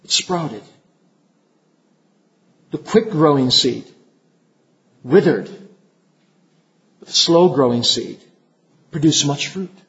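A man preaching a sermon to fellow ministers, earnest and measured, his voice sinking low at the end of phrases. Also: expressive. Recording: dull lo-fi recording.

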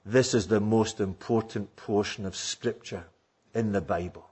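A man imitating an older preacher who solemnly declares a passage the most important in scripture, with a husky voice. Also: on the low side, steady tone, a little slow, a little mellow, pitched below the performer's own voice.

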